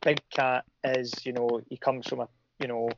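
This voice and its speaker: A man's voice: mid-range voice, flat delivery, moderate pace, a little hiss or hum. A middle-aged man, a comic creator talking casually in a rambling way, full of restarts and fillers. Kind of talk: casual chat. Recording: dull lo-fi audio.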